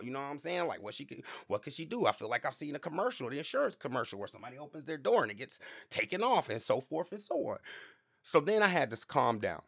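A man hosting a podcast, telling a story in a relaxed, slangy way with plenty of asides to the listener. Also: a little high, fast talker, gravelly, slightly rough, no room sound, clean studio sound. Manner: laid-back, slangy, repeats fillers and asides to the listener. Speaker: podcast host. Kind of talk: casual storytelling monologue.

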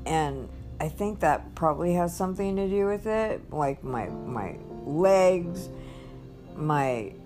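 Slow, lively-voiced woman rambling a story. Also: on the low side, music in the background. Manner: rambling, with many restarts and acted-out quotes. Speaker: vlogger. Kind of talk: casual storytelling monologue.

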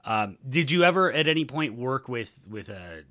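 A man's voice: medium pitch, sing-song, normal speed, sharp tone. A man hosting a podcast, asking long, enthusiastic, rambling questions. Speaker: podcast host, interviewer. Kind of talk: casual interview.

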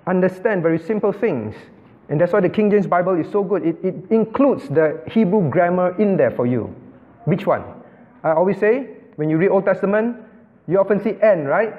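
Man, pastor, high voice, teaching sermon, checks understanding often, tinny narrow sound. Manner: explains step by step, often checks understanding with the audience. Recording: phone-like band, long hall reverb.

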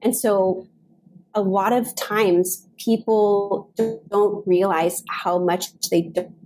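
A woman's voice: medium pitch, slow, music in the background, rough recording. A woman guest author in a podcast interview, talking earnestly and telling stories from her work. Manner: earnest, storytelling, animated quoting.

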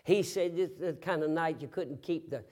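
A man preaching a sermon, telling a story in a folksy way, asking rhetorical questions and bursting into loud, emphatic shouts. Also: on the high side, normal speed.

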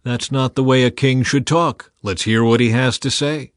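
A man's voice: mid-range voice, fairly even intonation, moderate pace, no room sound, studio quality, close to an everyday voice. A man voicing an agreeable, pious ancient king with an earnest manner in a scripture reading.

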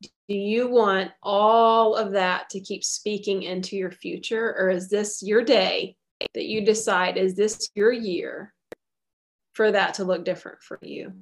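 Woman speaker, faith teaching, fry-tinged, earnest and encouraging. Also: medium pitch, fairly even intonation, a little slow. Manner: earnest, encouraging, repeats key phrases. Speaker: guest speaker on soul care.

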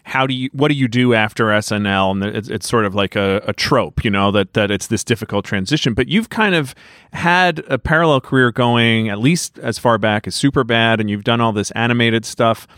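A man hosting a podcast, asking questions in a relaxed way and giving short agreeing replies. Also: medium pitch, normal speed, dry recording, clean studio sound. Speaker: podcast host. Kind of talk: casual interview questions.

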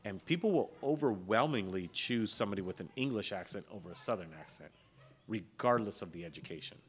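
A man with a Californian accent, hosting a podcast in casual, relaxed chat and joking along. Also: lowish voice, brisk. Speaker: podcast host.

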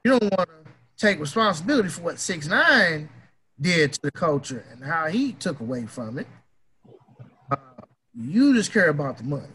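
A man's voice: a little high, very animated, moderate pace, long pauses, bright, forceful tone, husky, low-quality recording. A man ranting in a casual opinion talk, emphatic, heated and profane.

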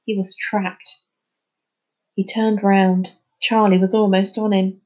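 Casting: woman storybook reader, mid-pitched, expressive and steady. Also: slow pace, highs cut off. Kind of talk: reading a children's novel aloud.

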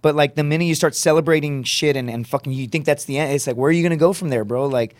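A man's voice: fairly high pitch, fast talker, no room sound, clean studio sound. A man, a comedian guest, telling stories in casual podcast chat with lots of swearing and energy. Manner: profane, energetic storytelling.

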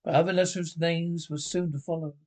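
A man's voice: fairly high pitch, little pitch movement, fairly quick, a little mellow. Man narrating a script reading. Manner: storyteller narration. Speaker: reader performing a film script.

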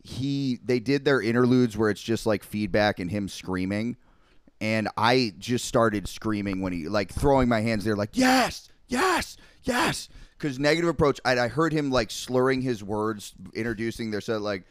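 A man's voice: on the low side, normal speed, clean tone, no echo, studio quality. A young man on a podcast, rambling in casual chat with heavy swearing and lots of filler words. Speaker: podcast co-host.

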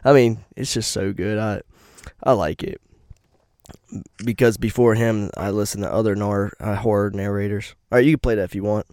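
A man's voice: fairly even intonation, moderate pace, a little mellow, no echo, studio quality. A man hosting a podcast in casual chat, laid-back and laughing often. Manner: laid-back, laughs often, drops into deep put-on voices. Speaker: podcast host.

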